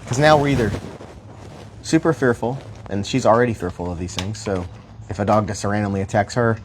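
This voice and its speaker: Fast-talking man, casual dog trainer. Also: fairly low pitch, a little hiss or hum. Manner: rambling, plain-spoken with mild cursing. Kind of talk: casual livestream explanation. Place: outdoor park.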